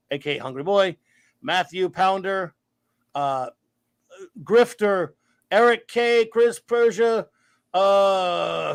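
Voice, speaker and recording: High-voiced man hosting a casual stream. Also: no room sound. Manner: rambling, playful, self-mocking. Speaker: livestream show host. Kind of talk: casual chat.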